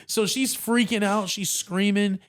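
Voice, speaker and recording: High-voiced man telling a story. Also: measured pace. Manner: animated, acts out quotes, says bro a lot. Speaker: podcast guest. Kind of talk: casual storytelling.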